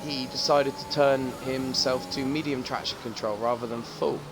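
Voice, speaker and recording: Excitable sim-racing commentator. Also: male voice, mid-range voice, normal speed, music in the background. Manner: excitable, sweary, joking. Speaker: race commentator.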